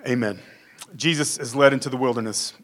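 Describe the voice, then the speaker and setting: A man's voice: medium pitch, a little fast, a bit bright. Conversational male pastor preaching. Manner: conversational, acts out quotes. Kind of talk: sermon.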